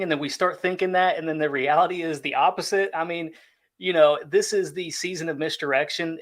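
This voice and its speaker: Man, football analyst, measured explaining, a bit high-pitched. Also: a bit bright. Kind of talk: casual chat.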